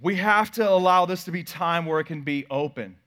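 Man, pastor, sermon, higher-pitched, storytelling, loud and soft by turns. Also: fairly quick.

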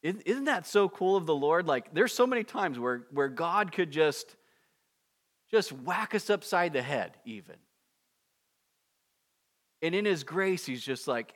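Animated conversational male preacher. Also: on the high side, a little slow, long pauses. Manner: conversational, animated, with laughs and asides. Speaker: pastor. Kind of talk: expository sermon.

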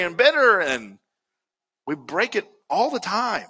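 Guy preaching a sermon, fairly high bright voice, gets real emphatic, big hall echo. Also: very animated, slow pace, husky. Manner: earnest, builds to emphatic peaks. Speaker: pastor.

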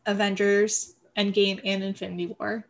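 A young woman co-hosting a casual chat, brisk as she runs down a list and quick to tease. Her voice sits at an ordinary middle pitch for a woman. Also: level tone, vocal fry. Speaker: podcast co-host.

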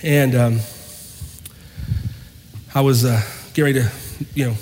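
Animated preacher man telling a story in a sermon, reverberant church, faint hiss. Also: medium pitch, unhurried. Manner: animated, acts out quoted dialogue. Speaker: pastor. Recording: long hall reverb, faint noise.

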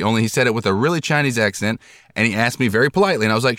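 A man's voice: mid-range voice, rapid-fire, a bit bright, dry recording, studio quality. A man hosting a podcast, telling rambling, self-deprecating stories in casual chat. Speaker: podcast host.

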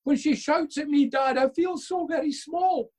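A man voicing his young son as a scared, tearful schoolboy, in a high, slow, plaintive voice. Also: a little mellow.

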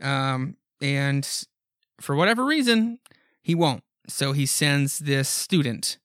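A man's voice: mid-range voice, sing-song, takes it slowly, fairly bright tone, no echo, clean studio sound. A man hosting a podcast, casually retelling a horror comic with lots of ums and offhand asides. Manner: rambling, frequent ums and asides. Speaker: podcast host. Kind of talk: casual comic book recap.

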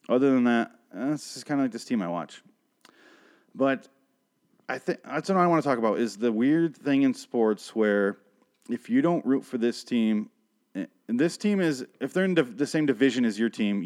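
A man's voice: mid-range voice, animated, normal speed, darkish tone. A man from Michigan hosting an unscripted solo podcast, rambling and swearing in an exasperated rant. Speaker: podcast host.

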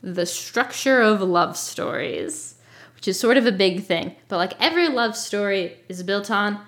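A woman's voice: medium pitch, expressive, a little slow, a bit bright. A woman co-hosting a podcast, chatting casually and with strong opinions about an old film. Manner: casual, opinionated, full of fillers. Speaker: podcast co-host.

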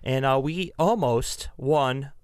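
A man's voice: medium pitch, slow pace, a little hiss or hum. A man on a casual podcast telling trip stories animatedly, with frequent fillers. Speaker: podcast co-host. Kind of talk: casual chat.

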